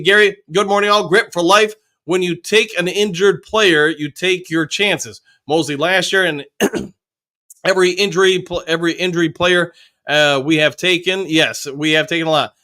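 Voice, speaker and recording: A man's voice: fairly high pitch, bright, forceful tone. A man hosting a casual live fan stream, upbeat and joking as he greets viewers in the chat by name. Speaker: host of a fan livestream reading chat.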